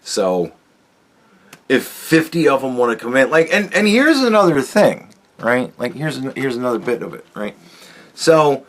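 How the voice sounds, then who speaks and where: A man's voice: medium pitch, big pitch swings, normal speed. A young man hosting a podcast, ranting bluntly about politics with heavy swearing and laughing at his own jokes. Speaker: podcast host. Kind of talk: profane political rant.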